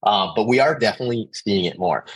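Husky-voiced upbeat male podcast host. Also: fairly low pitch, expressive, quick pace, low-quality recording. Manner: upbeat, laughs easily, fillers. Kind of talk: casual podcast chat.

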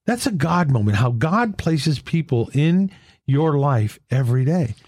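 Earnest male storyteller, faith talk, very animated intonation, dry close sound. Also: fairly high pitch, a little slow, no echo. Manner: earnest testimony, retelling dialogue in a lively back-and-forth. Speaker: Catholic men's fellowship leader. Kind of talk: faith-sharing conversation with storytelling.

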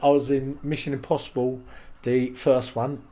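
A man, a podcast guest telling lively showbiz stories and quoting the people in them. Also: medium pitch, moderate pace. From England. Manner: animated anecdotes with quoted voices and laughs. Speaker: interview guest. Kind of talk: casual storytelling.

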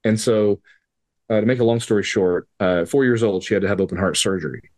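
A man on the low side of the pitch range, a little mellow and a little fast, talks as a guest on a podcast. He shares a personal story in profane, casual terms, acting out what people said in quoted voices, conversational in style.

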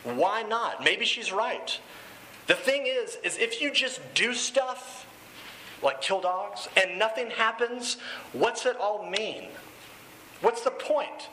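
A man's voice: high-pitched, expressive, takes it slowly, pushed and bright, voice pushed up, exaggerated voice. A man voicing a bitter, self-loathing young drug dealer who lashes out sarcastically in a recovery meeting. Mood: anguished. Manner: sarcastic, confrontational outbursts. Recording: echoey room with faint hiss.

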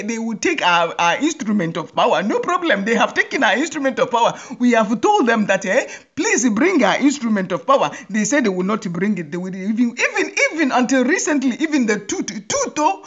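Woman host, comic rallying monologue, laughs through lines, very lively pitch, dull lo-fi sound. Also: normal speed, slightly rough. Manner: laughs often, repeats phrases for effect; lively, mock-rallying address. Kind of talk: humorous monologue.

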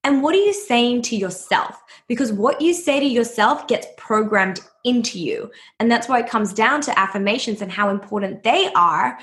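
A woman's voice: on the high side, expressive, moderate pace, few pauses, fairly bright tone. A young woman hosting a podcast, chatting in a bubbly, storytelling way. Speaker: podcast host. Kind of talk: casual podcast chat. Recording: echoey room.

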